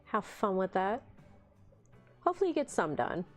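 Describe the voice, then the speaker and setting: A woman's voice: medium pitch, big pitch swings, normal speed, faint music behind. A woman hosting a live hobby stream, chatting casually while she paints, answering viewers and talking to her pets. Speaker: livestream host.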